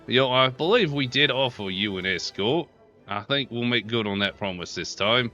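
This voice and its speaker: A man's voice: mid-range voice, expressive, moderate pace, bright, forceful tone, lo-fi sound, soft background music. A man voicing an eager, chatty male palace guard who is over-friendly and keeps agreeing, in a tabletop game. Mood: polite, brisk.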